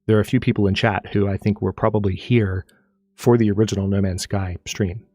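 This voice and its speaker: Animated low-voiced male streamer. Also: a little fast, dry recording, clean studio sound. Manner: animated, rambling with restarts. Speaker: streamer and channel host. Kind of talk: casual live-stream chat.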